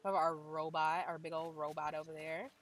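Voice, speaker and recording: A woman's voice: sits low, little pitch movement, fairly quick, a little hiss or hum, rough recording. A young woman chatting casually as she tours a video game island, gushing and saying "like" constantly. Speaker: gaming channel host. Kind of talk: casual game tour commentary.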